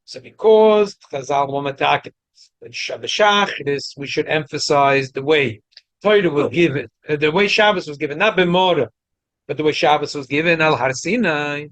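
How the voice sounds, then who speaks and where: A man's voice: a little high, moderate pace, fairly bright tone, no room sound. A man giving a Torah class to a study group, explaining with frequent restarts and Hebrew and Yiddish terms. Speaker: rabbi teaching a study group.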